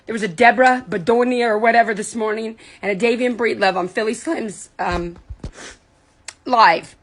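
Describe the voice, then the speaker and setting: A woman's voice: on the high side, normal speed. A woman ranting furiously on a phone livestream, swearing and upset, her voice breaking at times. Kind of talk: angry livestream rant.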